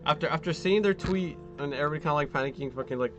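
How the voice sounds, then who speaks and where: A man's voice: fairly high pitch, rapid-fire, faint music behind. A man streaming from home, chatting casually while he glues a model kit, rambling and swearing often with lots of fillers.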